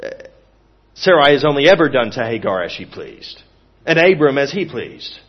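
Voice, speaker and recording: A man preaching a sermon in an earnest, expressive way, moving from emphatic to hushed. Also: medium pitch, moderate pace, dull audio.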